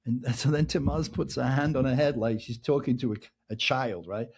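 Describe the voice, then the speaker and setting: A middle-aged man with an English accent hosting a podcast, telling a long personal anecdote in a lively way and often asking "right?". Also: mid-range voice, normal speed, slightly rough. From England. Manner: animated anecdote telling, keeps adding "right?", laughs between lines. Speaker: podcast host. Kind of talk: casual storytelling monologue.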